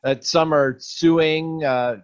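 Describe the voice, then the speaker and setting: A man's voice: fairly high pitch, steady tone, slow pace. Podcast guy asking stuff, kinda muffled lo-fi audio. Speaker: podcast co-host. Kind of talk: casual podcast chat. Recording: dull lo-fi sound.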